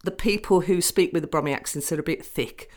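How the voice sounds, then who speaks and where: An older woman with a Birmingham accent speaks in a notably low voice. She reads a set passage at a measured, careful pace, then chats freely about her upbringing in the same deep tone. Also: a little mellow. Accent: Birmingham English. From Birmingham, England. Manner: measured, careful reading; chatty when recalling.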